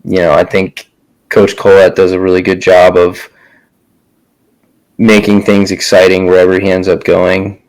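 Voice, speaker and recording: A young man hosting a relaxed casual chat, talking loosely with a lot of um and you know. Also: low-pitched, moderate pace, long pauses, rough recording. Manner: relaxed, many fillers and restarts.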